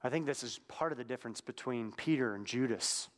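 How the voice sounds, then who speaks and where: A man preaching a sermon in a conversational, reflective way, sometimes dropping to a hushed tone. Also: medium pitch, a little fast, long reverb tail.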